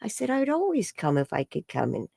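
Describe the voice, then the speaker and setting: Gravelly-voiced woman telling a story. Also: wildly swooping pitch, brisk, no room sound, studio quality. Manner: acts out quoted dialogue with high bright voices. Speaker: energy healer and psychic guest. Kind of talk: animated storytelling interview.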